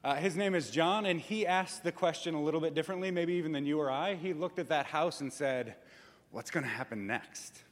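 A man's voice: fairly high pitch, a little fast, few pauses. A man speaking as a pastor to his church, playful and acting out little voices to make his points. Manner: playful, acts out voices for effect. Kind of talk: church announcement talk. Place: church sanctuary. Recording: long reverb in a large room.

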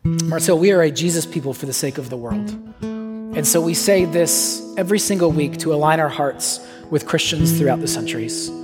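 A man preaching as pastor and leading communion. He speaks earnestly, with slow repeated refrains and livelier asides. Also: on the high side. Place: church sanctuary. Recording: reverberant church hall, soft guitar.

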